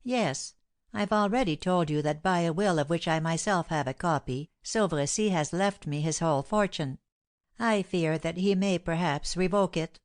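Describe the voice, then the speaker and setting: A woman's voice: fairly low pitch, normal speed, close to an everyday voice. Woman reading as a cold, scheming young wife. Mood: urgent. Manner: cold, insistent, contemptuous.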